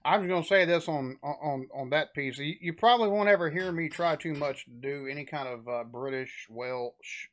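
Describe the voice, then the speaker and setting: A man's voice: medium pitch, a bit bright. A man hosting a reaction video, talking casually with lots of restarts and fillers. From Southern United States. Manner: rambling, with frequent restarts and fillers.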